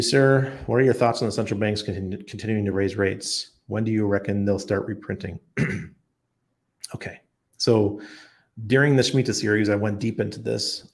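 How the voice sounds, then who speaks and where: A middle-aged man hosting a livestream, answering viewers with blunt, emphatic opinions. His voice is low and gravelly, with plenty of fry at the ends of phrases. He tells stories animatedly and pushes his points hard. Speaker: crypto channel host.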